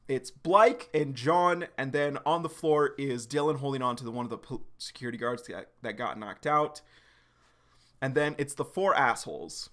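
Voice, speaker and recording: A young man with a gravelly, creaky voice at an ordinary middle pitch runs a live reaction stream. He recaps in a loose, slangy way, leaning on "like" and the odd curse. His delivery is casual and chatty. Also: moderate pace, fairly bright tone. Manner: loose, slangy, full of "like" and swearing.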